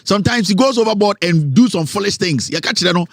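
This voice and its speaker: A Ghanaian man hosting a talk show, giving animated, mocking commentary and mixing English with Twi. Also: high-pitched, quick pace, no echo, studio quality.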